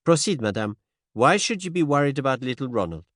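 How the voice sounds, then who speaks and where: A male narrator voicing a fastidious older Belgian detective who speaks courteously and drops French words. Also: mid-range voice, very animated, a bit bright, no echo, studio quality, voice pushed up. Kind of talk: audiobook character voice.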